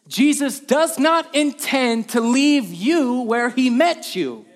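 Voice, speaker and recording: A man's voice: very high-pitched, sing-song, measured pace. A male pastor preaching a sermon, earnest and repeating key phrases for emphasis, with light joking asides.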